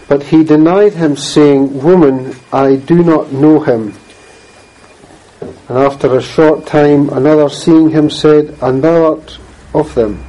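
A man reading scripture aloud and then preaching, in a measured, earnest way, often clearing his throat. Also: fairly high pitch, fairly even intonation, mellow, poor audio.

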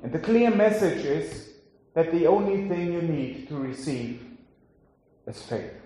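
A man preaching, reading scripture aloud and then giving a sermon in a slow, solemn way. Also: fairly high pitch, animated, mellow. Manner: slow, solemn delivery with drawn-out phrases. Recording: very echoey hall.

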